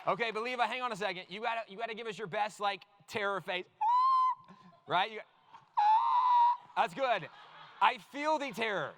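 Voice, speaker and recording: A man's voice: high-pitched, moderate pace, pauses often, very noisy. A man preaching to a youth crowd, reading scripture and then running a playful skit with volunteers on stage. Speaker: youth speaker. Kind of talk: youth sermon with audience skit. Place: large youth event hall.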